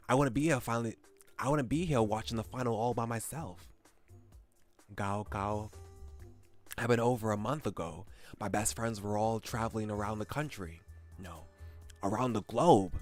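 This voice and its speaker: A young high-school guy narrates his own misadventures, read aloud by a man. The voice sits a little low, the telling is lively and exclaims at the gross moments, and quiet game music plays underneath. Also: close to an everyday voice.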